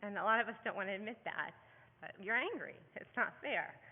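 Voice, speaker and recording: A woman speaks earnestly to a room of parents at a conference, often pausing on ums and restarting her sentences. Her voice rings out with the long reverb of a large hall, and the sound is thin and narrow, like a phone line. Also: medium pitch, expressive, husky. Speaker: parent speaker at a heart-condition symposium. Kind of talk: conference talk.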